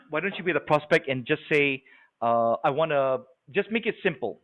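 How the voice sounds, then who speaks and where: A man leading a live sales training webinar, animated and coaching, often checking that his audience follows. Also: on the high side, brisk. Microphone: video call. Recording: tinny phone-like webinar audio.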